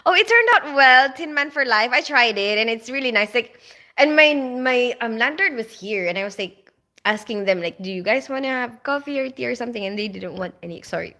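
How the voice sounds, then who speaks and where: A woman's voice: fairly high pitch, expressive, fairly quick, pushed and bright. A woman hosting a casual live stream from home, chatting with viewers in a rambling way, with plenty of laughter and filler words. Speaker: livestream host reading viewer chat.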